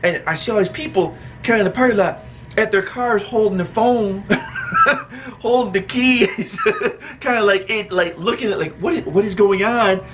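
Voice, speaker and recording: A man's voice: sits high, normal speed, noisy background. A man casually telling a personal story, laughing often and acting out other people's voices.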